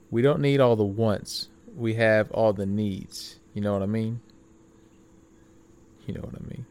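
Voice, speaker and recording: A man's voice: mid-range voice, a little mellow, smooth, dry recording. A young man hosting his own podcast from his back porch, chatting casually in a rambling, friendly way, full of fillers and self-corrections. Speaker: podcast host. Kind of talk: casual solo podcast talk.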